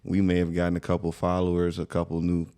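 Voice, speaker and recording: Deep gravelly-voiced man telling a story. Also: completely flat delivery, fast, dark tone. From USA. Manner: laid-back, conversational, slangy. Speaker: podcast co-host. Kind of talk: casual storytelling chat.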